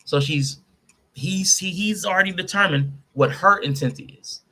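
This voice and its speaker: Bright, higher-voiced male podcast host. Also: a little slow. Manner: animated, breaks down a statement line by line. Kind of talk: casual commentary.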